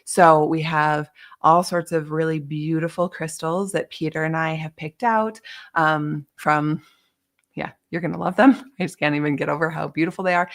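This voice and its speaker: A woman's voice: sits low, a bit bright. A woman hosting a live online session, chatting casually in a gushing way with lots of filler words. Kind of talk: casual live-stream chat.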